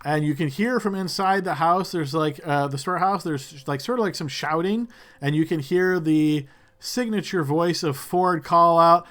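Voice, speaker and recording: A man's voice: fairly high pitch, moderate pace, fairly bright tone, soft background music. A man narrating as game master for a tabletop role-playing game, describing scenes in a loose way with many fillers.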